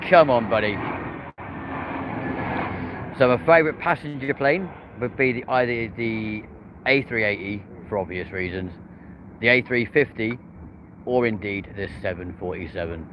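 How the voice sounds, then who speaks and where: A man's voice: on the low side, normal speed. A man hosting a live plane-spotting stream from a hotel rooftop by an airport, chatting with viewers and cheering on the planes as they land. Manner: chatty, banters with chat, cheers on landing planes. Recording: dull lo-fi outdoor stream audio with traffic noise.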